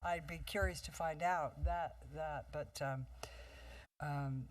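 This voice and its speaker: A woman's voice: low-pitched, fairly even intonation, slow, recorded from a distance, rough recording. A woman speaking as a town councilor at a meeting, asking questions hesitantly.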